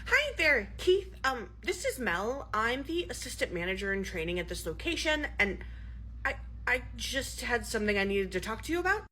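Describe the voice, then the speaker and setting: A woman's voice: on the high side, big pitch swings, normal speed, pushed and bright, slight background noise. A woman playing a nervous young female trainee manager in a comedy skit, hesitant and stammering.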